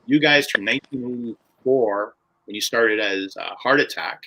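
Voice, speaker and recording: An enthusiastic man hosts a casual rock interview, leaning on fillers as he reads off research. His voice has a bright, sharp edge at an ordinary male pitch. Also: moderate pace, low-quality recording. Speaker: podcast host.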